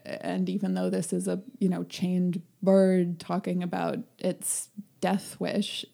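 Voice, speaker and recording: A young woman co-hosting a casual book discussion. She rambles in an animated way, with many fillers and laughs. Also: on the low side, slow, vocal fry. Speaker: podcast co-host.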